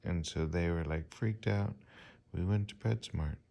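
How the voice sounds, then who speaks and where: A man in his forties casually telling a rambling personal story to his channel, with many pauses and fillers. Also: sits low, vocal fry, mellow. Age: 40s. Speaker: vlogger.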